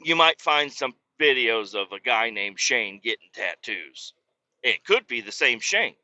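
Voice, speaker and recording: A man hosting a casual solo podcast from a moving vehicle, rambling and joking with bursts of shouting. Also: mid-range voice, big pitch swings, a little slow, muffled recording. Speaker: podcast host. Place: moving vehicle on a bumpy road.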